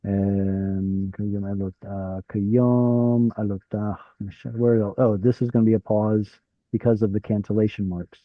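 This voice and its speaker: A man's voice: lowish voice, fairly even intonation, a little slow, no echo, narrow, tinny audio. A man teaching an online Hebrew class, explaining while thinking aloud and asking his students questions. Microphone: video call.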